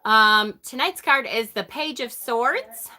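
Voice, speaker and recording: Bright-voiced chatty woman on a live stream. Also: a little high, animated, slow. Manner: chatty and exasperated, with frequent laughs and sighs. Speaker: tarot reader hosting a live stream. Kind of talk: casual live-stream chat.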